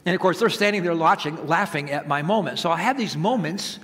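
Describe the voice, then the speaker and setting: High-voiced man preaching in a reverberant hall. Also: fairly bright tone. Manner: storytelling, self-mocking, drawn-out emphasis. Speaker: pastor. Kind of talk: sermon with personal story.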